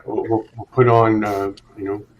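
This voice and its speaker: A man's voice: fairly low pitch, level tone, normal speed, far from the mic. A man chatting casually on a remote call, easygoing as he rattles off song titles. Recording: dull lo-fi call audio with loud background noise.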